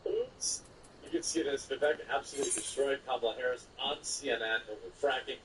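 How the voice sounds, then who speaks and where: Man doing fast opinionated political commentary. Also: mid-range voice, fairly even intonation, recorded from a distance, background noise. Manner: brisk, opinionated, asides to viewers.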